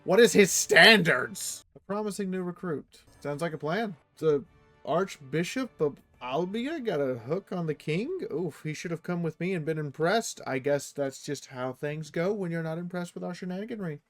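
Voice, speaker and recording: A man streaming a strategy game, reading the event text aloud and reacting playfully, jumping into sudden high squeals. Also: animated, moderate pace, a bit bright, no room sound, soft background music. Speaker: let's play streamer.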